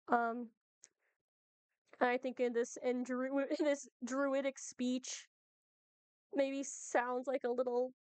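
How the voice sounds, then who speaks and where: A woman's voice: a little high, a little mellow, clear, resonant tone, dry recording. A woman playing a tabletop game casually, laughing often. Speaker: player.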